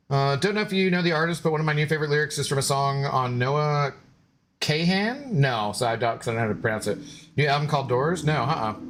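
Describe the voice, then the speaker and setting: A man's voice: on the high side, bright, forceful tone. Chatty, laughing man streamer. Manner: loose, chatty, laughs often, swears casually. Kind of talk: casual live-stream chat with viewers.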